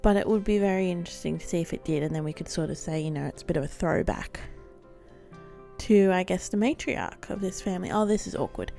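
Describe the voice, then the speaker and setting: Warm and expressive, this woman's lowish voice moves fast with some vocal fry as she hosts a let's play. Her casual commentary is giggly, talkative and self-deprecating, with faint background music.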